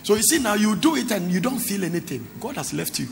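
A man's voice: sits high, very animated, quick pace, vocal fry, a little hiss or hum. A man, a pastor preaching a sermon that slips into song and local words. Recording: echoey hall with faint ambience.

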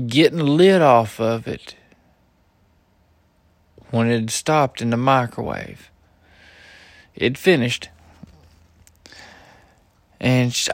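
A man's voice: medium pitch, no room sound. A young man venting in a profane personal rant, swearing heavily and griping in an exasperated way. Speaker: husband venting.

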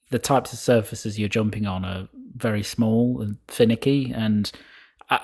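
A man co-hosting a casual game chat, hesitant with many ums and trailing off quietly. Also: medium pitch. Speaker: podcast co-host.

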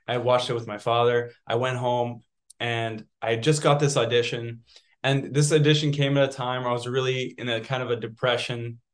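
A man from Canada, an actor, chatting in an interview in a soft, hesitant way with many restarts. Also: mid-range voice. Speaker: actor guest. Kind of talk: casual interview chat.

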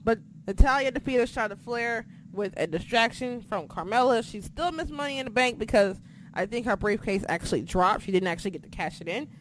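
A woman's voice: on the high side, fairly quick, slight background noise. A woman co-hosting a casual wrestling podcast, blunt and heavily profane as she rants about the show and her critics. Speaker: podcast co-host.

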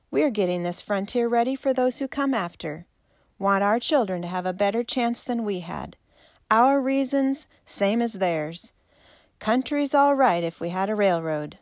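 A woman's voice: mid-range voice, lively intonation, a little slow, a little mellow, dry recording, studio quality. Woman doing a blunt, drawling frontier man. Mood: defiant. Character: stubborn frontier man defending his land, proud.

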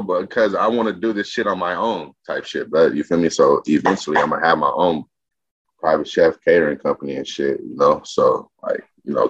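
A man who works as an executive chef, chatting as a podcast guest and telling animated stories full of slang and swearing. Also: low-pitched. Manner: animated storytelling heavy with slang and profanity. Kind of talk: casual interview chat. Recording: dull lo-fi podcast audio.

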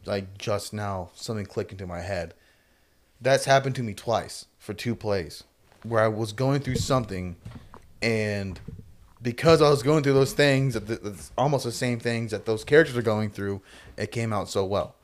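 Chatty man with a lowish voice. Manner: chatty, rambling explanations with many restarts. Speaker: podcast co-host. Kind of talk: casual chat about acting.

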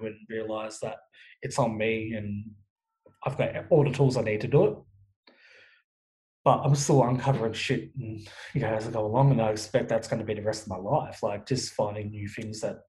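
A man's voice: medium pitch, warm tone, rough recording. A young man talking frankly as an interview guest, swearing often and restarting his sentences. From Australia. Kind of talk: candid interview talk.

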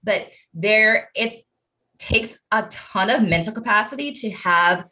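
A woman's voice: medium pitch, unhurried, bright, forceful tone. A young adult woman co-hosting a podcast, chatting casually and swearing freely. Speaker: podcast co-host. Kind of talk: casual chat.

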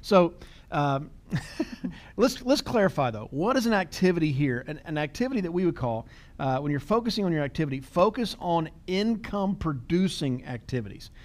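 A man's voice: on the high side, lively intonation, brisk. A middle-aged man hosting a podcast, talking casually, telling stories with quoted dialogue and laughing easily. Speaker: podcast host.

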